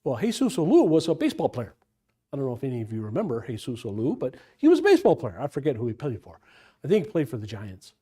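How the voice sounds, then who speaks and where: A man's voice: mid-range voice, wildly swooping pitch, fast, dark tone, slightly rough. An older man, a pastor leading an informal Bible study, talking in a rambling, digressive way full of restarts.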